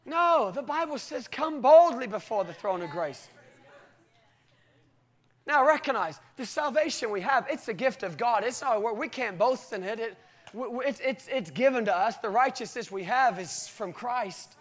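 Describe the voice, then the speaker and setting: A man preaching a sermon with animated storytelling and emphatic, halting restarts. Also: extremely high pitch. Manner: animated storytelling, often breaking into acted voices.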